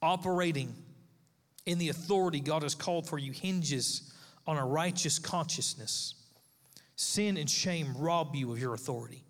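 A man's voice: fairly high pitch, normal speed. A male pastor, likely in his thirties, preaching a sermon with emphatic, repeated phrases. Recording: long echo of a large hall.

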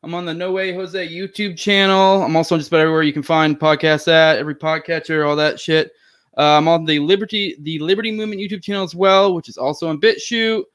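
A man's voice: fairly high pitch, fairly even intonation, fast talker, fairly bright tone. A man hosting a casual podcast, rambling and profane, with frequent giggles. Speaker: podcast host.

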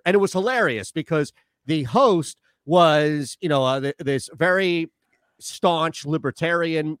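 A man's voice: fairly high pitch, dry recording. A man co-hosting a sports radio show from Philadelphia, telling stories casually with laughs. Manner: animated anecdote-telling with laughs. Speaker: radio co-host.

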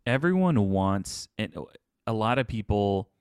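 A man co-hosting a casual podcast conversation, talking in a relaxed way that often restarts and repeats words. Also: lowish voice, measured pace, smooth, no echo, studio quality. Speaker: podcast co-host.

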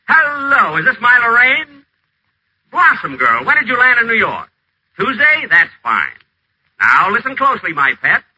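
A man's voice: a little high, breathy edge, exaggerated voice, rough recording. An actor playing a pompous, acid-tongued man who schemes from a wheelchair, in theatrical 1940s radio acting. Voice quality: sharp, theatrical, imperious delivery. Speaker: acerbic radio celebrity stuck in a wheelchair.

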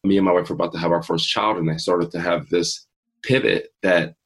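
A man's voice: low-pitched, steady tone, brisk, fairly bright tone, rough recording. A man in his forties, an interview guest and mindset coach, telling a personal story earnestly and acting out his own past thoughts.

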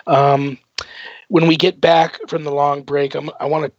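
A man's voice: on the high side, level tone, a little slow, no room sound. A man hosting a radio talk show, chatting casually and rambling with many fillers. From United States. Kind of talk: casual radio interview chat. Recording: dull dry lo-fi broadcast audio.

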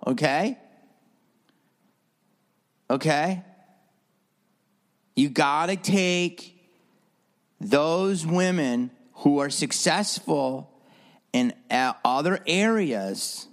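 A man holds forth alone on his podcast in a slightly high voice that swings widely in pitch. He is blunt and profane, dropping into low mutters and jumping to mocking squeaks when he mimics others. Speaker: podcast host. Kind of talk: opinionated solo podcast rant.

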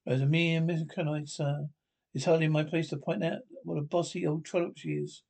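A man's voice: on the high side, moderate pace, vocal fry, darkish tone. A man playing a prim, servile male android servant in a sitcom, fussy and formal, calling everyone sir. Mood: indignant. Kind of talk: sitcom acting.

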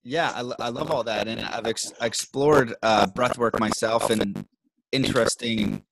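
A man's voice: mid-range voice, fairly even intonation, unhurried, gravelly, fairly bright tone, no room sound, low-quality recording. A man hosting a podcast, chatting casually and enthusiastically with his guest over a video call. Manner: friendly, enthusiastic, loose phrasing. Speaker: podcast host. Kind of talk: casual interview chat. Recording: dry remote call audio.

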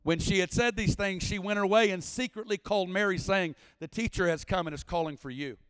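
Male preacher, high voice, dry close sound, rising to shouted, sung-out climaxes. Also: brisk, smooth, no room sound, long reverb tail. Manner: impassioned, builds to shouting and sing-song preaching. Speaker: guest preacher. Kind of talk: sermon. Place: church service.

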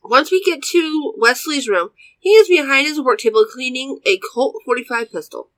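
A woman reading a first-person story aloud in a plain, even delivery. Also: sits high, normal speed, dry recording, rough recording.

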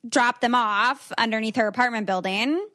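A woman's voice: fairly high pitch, moderate pace, pushed and bright. A young woman hosting a podcast, telling a candid story in casual chat, rambling with lots of likes. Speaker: podcast host.

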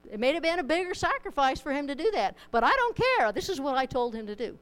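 This woman delivers her sermon to the congregation fast, with a high pitch, fairly bright tone and wide swings in pitch, all on a rough recording. She keeps it conversational and plain, weaving homely stories and light humor through the scripture.

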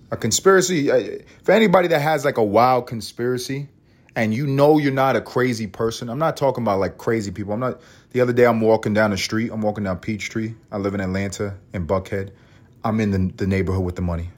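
A man with a fairly low voice, talking through a casual solo podcast. He rambles and swears freely, cracks jokes, and often restarts his sentences. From Harlem, New York. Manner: rambling, profane and joking, with frequent restarts. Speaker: podcast host.

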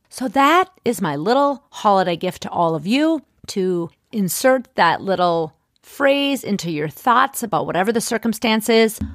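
Middle-aged lady life coach doing her podcast, encouraging and gentle, dry close sound. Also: mid-range voice, dry recording. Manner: warm, encouraging, gently persuasive. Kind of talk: podcast monologue.

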